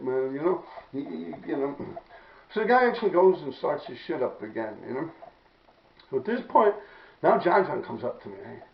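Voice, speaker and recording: A man's voice: fairly high pitch, big pitch swings, fairly quick, creaky, echoey room, far from the mic, highs cut off, slight background noise. A middle-aged man with a New York accent telling a story casually, swearing a lot, acting out other people's lines and laughing often. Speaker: storyteller recounting his graffiti days.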